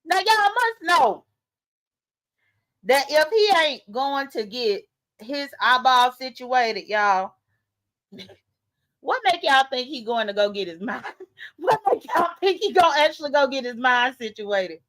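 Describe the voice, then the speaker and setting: A woman hosting a casual livestream, commenting on drama and reading viewer comments aloud, animated and talking straight to her audience. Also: high-pitched, takes it slowly, long pauses, rough recording. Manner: animated, talks straight to viewers, rhetorical questions. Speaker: YouTube commentary host.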